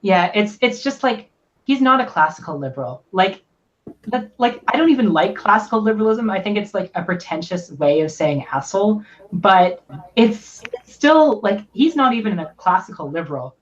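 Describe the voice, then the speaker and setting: A woman chats on a livestream over muffled, lo-fi audio. Her pitch swings widely, and she laughs often while searching for her words. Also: expressive, normal speed, a little hiss or hum. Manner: laughs often, hesitant, lots of "like". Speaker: livestream co-host. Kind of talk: casual livestream chat.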